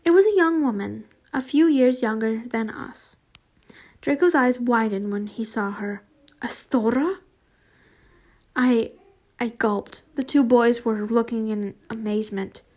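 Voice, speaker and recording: A woman reads fan fiction aloud in a high voice and keeps breaking off into casual asides. She swears freely and speaks at an unhurried pace. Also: a little mellow.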